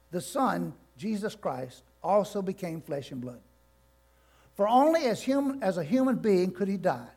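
An older man preaching a sermon to his congregation, swinging from quiet to loud and calling out questions for them to answer. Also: sits high, slightly rough. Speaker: pastor. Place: church sanctuary.

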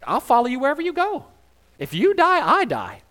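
A man's voice: very high voice, wildly swooping pitch, measured pace, pushed and bright, pitched above the performer's own voice, heavily acted. A man voicing an eager young male disciple who insists on his loyalty, in a pleading, insistent way during a sermon.

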